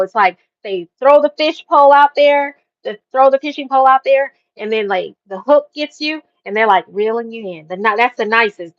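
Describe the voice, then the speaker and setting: A woman hosting a casual chat show, telling stories in an animated way, full of slang. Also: on the high side, no room sound. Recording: dull dry lo-fi sound.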